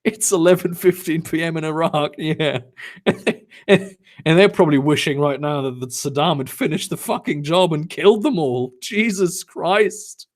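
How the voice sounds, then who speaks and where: A young man's voice, a little high and at a moderate pace, reads fanfiction aloud on a live stream from his German home. He drops in sarcastic, swearing commentary and animated asides, and chats with the audience.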